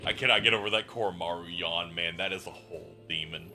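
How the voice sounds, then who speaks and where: A man with a lowish, very bright voice chats on his livestream, bouncing his pitch all over as he acts out quotes. Faint game music plays under him. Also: fast talker. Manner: animated storytelling, acts out quotes. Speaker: streamer. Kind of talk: casual livestream chat.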